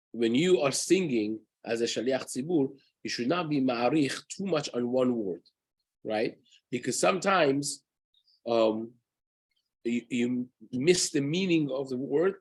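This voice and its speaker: A man's voice: mid-range voice, slightly rough. A man, a rabbi, giving a spoken Torah lesson in an earnest way, often asking "right?" and using Hebrew terms. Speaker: rabbi teaching a daily halacha class.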